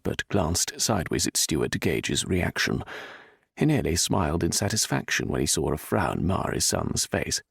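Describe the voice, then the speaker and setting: A man narrating a romance audiobook in an expressive, scripted style. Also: low voice, moderate pace, gravelly, slightly rough, no room sound, studio quality.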